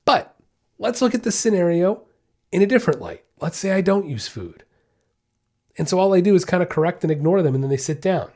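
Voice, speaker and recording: A man's voice: fairly high pitch, big pitch swings, brisk, darkish tone, breathy edge. A man hosting a dog-training podcast, explaining in casual, emphatic talk that circles back on his key points and keeps checking that the listener is following. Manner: emphatic, repeats key points, asks "you see what I'm saying?"; acts out the dog's thoughts in quoted asides.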